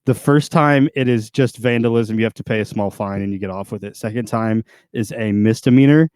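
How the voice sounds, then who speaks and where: A man's voice: lowish voice, brisk, a little mellow, smooth, no echo, studio quality. A young man co-hosting a podcast, joking and rambling in casual chat, laughing often. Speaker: podcast co-host.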